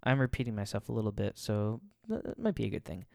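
A man's voice: fairly low pitch, very animated, fast, creaky, a little mellow, no room sound, studio quality. A man giving a casual faith talk. He chuckles often and rambles, restarting his sentences.

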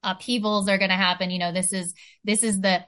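A woman's voice: medium pitch, level tone, a little fast, a bit bright. A woman talking earnestly in a casual spiritual chat, full of "you know" and "like".

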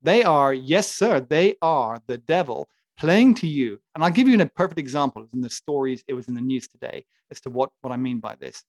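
A man's voice: mid-range voice, expressive, a little fast, hardly any pauses, dry recording. A man on a casual talk show, ranting with comic indignation and heavy emphasis. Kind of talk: casual opinionated chat.

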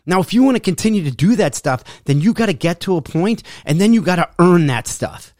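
A man's voice: sits high, animated, brisk, a little mellow, dry recording, clean studio sound. A man coaching on fitness in a blunt, preachy monologue that mocks people's excuses. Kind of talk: motivational monologue.

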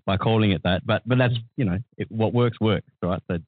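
A man's voice: lowish voice, a little fast, dry recording. A man co-hosting a casual podcast, asking loose conversational questions. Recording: dry, phone-like sound.

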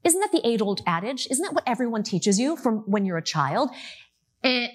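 A woman in her thirties from the United States giving a talk to an audience, telling her story in a lively, animated way. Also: fairly high pitch, moderate pace, husky.

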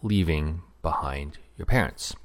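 A middle-aged man speaking earnestly about marriage, thinking aloud with fillers and pauses. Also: a bass voice, expressive. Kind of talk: reflective personal talk.

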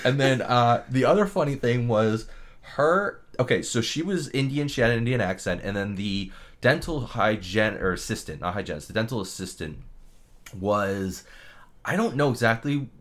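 A man's voice: mid-range voice, animated, normal speed, a bit bright. A man co-hosting a podcast, telling a story in casual, comedic chat. He laughs often and swears freely. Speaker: podcast co-host.

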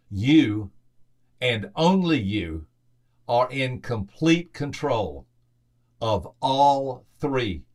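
Male motivational podcast host, mid-range voice; emphatic storyteller who repeats phrases and livens up his quoted lines. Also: mid-range voice. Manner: acts out quoted voices with lively lifts.

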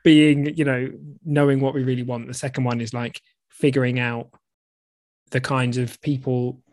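A man's voice: medium pitch, moderate pace. A man from the UK co-hosting a podcast, telling stories in casual chat with frequent laughs. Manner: chatty, laughing, animated storytelling. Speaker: podcast co-host.

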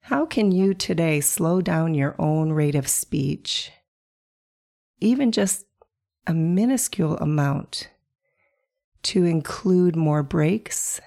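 A woman hosting a reflective solo podcast, calm and coaching, sounding hoarse from a chest virus. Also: low-pitched. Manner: calm, coaching, asks the listener questions. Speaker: podcast host.

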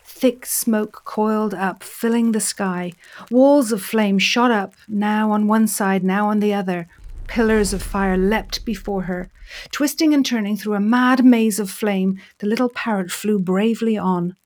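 Expressive woman telling a folk tale. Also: mid-range voice, a little slow. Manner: expressive, dramatic. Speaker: storyteller, story coach. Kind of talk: storytelling narration.

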